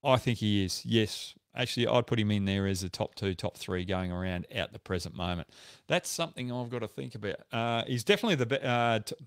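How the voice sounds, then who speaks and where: A man's voice: fairly low pitch, animated, fairly quick, clear, resonant tone, no room sound, clean studio sound. A middle-aged Australian man hosting a casual live stream, answering viewer questions in a chatty, friendly way and correcting himself as he goes.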